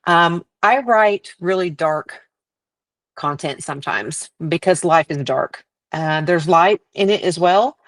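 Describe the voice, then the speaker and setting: A woman's voice: on the low side, takes it slowly, a bit bright, no room sound. A woman author being interviewed on a podcast, chatty and heartfelt, laughing often as she tells her stories. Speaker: author guest.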